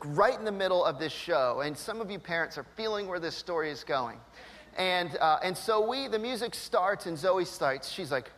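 A man in his thirties preaches to a congregation, weaving a family story into his sermon. His voice sits high and he animates the tale by acting out the voices. The sound carries a long reverb, as in a large church hall. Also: a bit bright. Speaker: pastor.

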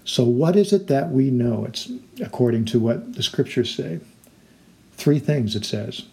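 A male pastor delivering a sermon, earnest and steady as he walks through scripture. His voice sits at an ordinary middle pitch, and now and then he slips into the voices of the people in his stories. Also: measured pace. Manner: earnest and illustrative, acting out quoted voices.

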